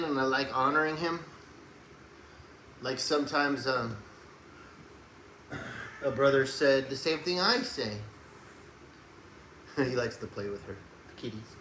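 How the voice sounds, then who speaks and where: A man delivering a rambling faith monologue to camera, preachy and emphatic, often breaking into loud raised outbursts. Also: mid-range voice. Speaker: Christian video blogger. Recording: echoey room with faint background hum.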